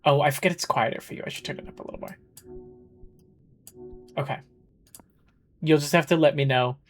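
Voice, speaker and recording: Her voice is deep, a little fast, and fairly even in intonation as she chats during a game stream, giggling, rambling, filling pauses, and exclaiming at the screen. She's on a headset, with quiet game music in the background.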